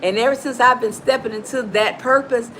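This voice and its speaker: A woman's voice: fairly high pitch, fairly even intonation, fairly quick, a bit bright, a little hiss or hum, low-quality recording. A middle-aged woman hosting a live motivational talk, emphatic and preachy, calling her listeners "baby". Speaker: motivational coach and host.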